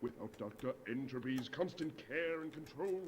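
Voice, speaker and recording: A man's voice: mid-range voice, expressive, normal speed, recorded from a distance, slight background noise, natural voice. An actor playing a pompous, scheming male villain scientist in a video game, scolding sharply.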